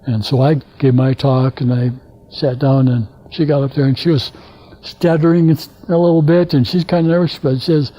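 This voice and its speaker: An older man from Alaska tells stories in a lecture, his voice husky and very mellow, pitched a little high for a man. He talks haltingly, restarts often, and slips into the voices of people he quotes. The recording is dull and lo-fi. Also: fairly even intonation. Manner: halting, rambling, acts out quoted dialogue. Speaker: guest lecturer. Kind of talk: anecdotal storytelling lecture. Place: lecture hall.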